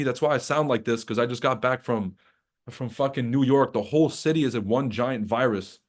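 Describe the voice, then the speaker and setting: A man hosting a live trading stream, ranting casually with heavy profanity, mocking, laughing at his own jokes, then going into market commentary. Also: mid-range voice. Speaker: trading livestream host.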